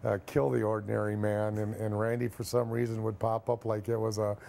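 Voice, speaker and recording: Middle-aged ex-athlete, deep gravelly fry, dark tone, tells an animated story to an interviewer. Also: male voice, a little fast, slight background noise. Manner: lively storyteller who acts out the dialogue. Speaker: former professional high diver, interview guest.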